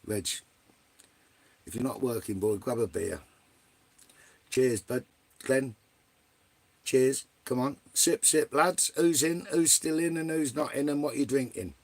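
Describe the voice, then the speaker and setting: A man's voice: medium pitch, takes it slowly, pauses often. A man hosting a live stream in casual chat, greeting viewers by name and swearing freely.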